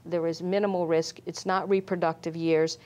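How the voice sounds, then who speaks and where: Woman, pulmonologist guest, lowish pitch, measured, filler-heavy. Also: level tone, darkish tone. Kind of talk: medical interview.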